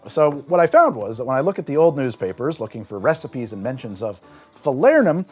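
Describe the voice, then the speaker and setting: Animated man explaining cocktail lore. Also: a little high. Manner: animated storytelling with big swings in emphasis; tastes and describes aloud in a quieter voice. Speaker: host of a cocktail show. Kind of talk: conversational explainer.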